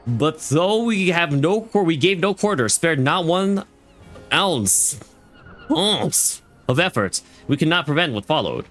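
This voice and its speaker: Man reading stern admiral lines aloud, stumbling over words, lively bright voice, soft music underneath. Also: a little high, unhurried. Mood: solemn. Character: stern female fleet admiral recounting war. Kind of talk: reading game dialogue aloud.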